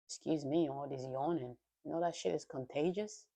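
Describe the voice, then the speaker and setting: A woman's voice: sits low, vocal fry, dark tone. A woman streaming her futures trading live, thinking aloud in slangy, self-talking commentary. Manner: thinks aloud, talks to herself, slangy quips.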